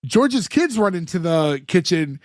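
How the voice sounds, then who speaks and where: A man's voice: high voice, very animated, unhurried, dry recording, clean studio sound. A man co-hosting a podcast in casual chat, retelling scenes at length with lots of "like" fillers. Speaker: podcast co-host recapping a sitcom episode.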